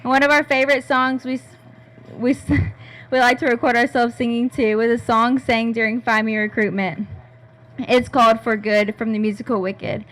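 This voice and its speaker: Woman in her twenties, higher pitch, reads an emotional prepared toast. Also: steady tone, normal speed, fairly bright tone. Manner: heartfelt, reading, on the verge of tears. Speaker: bridesmaid giving a toast. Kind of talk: read-out wedding toast. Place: rehearsal dinner venue.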